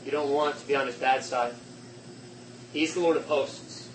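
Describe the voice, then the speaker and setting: A man preaching a sermon with passion, swinging between shouting and hushed, quiet tones. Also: medium pitch, fairly even intonation, normal speed, slight background noise, poor audio.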